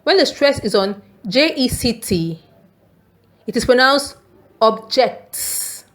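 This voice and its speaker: Slow, careful woman teacher. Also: a little high, lively intonation, a bit bright. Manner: slow, deliberate, careful enunciation. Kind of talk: scripted lesson reading.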